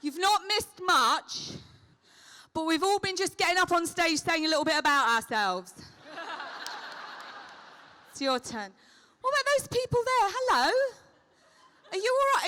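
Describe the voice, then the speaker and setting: Woman, high voice, bright sharp tone, teasing comic banter, live Q&A, handheld mic. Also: big pitch swings, moderate pace, long pauses. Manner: teasing, playful comic patter. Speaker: celebrity convention guest. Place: convention stage before a live audience. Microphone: handheld microphone.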